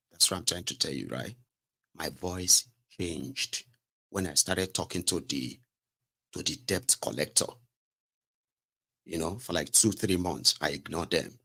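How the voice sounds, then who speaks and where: A Nigerian man giving casual, sarcastic political commentary in a rambling, animated way. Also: deep voice.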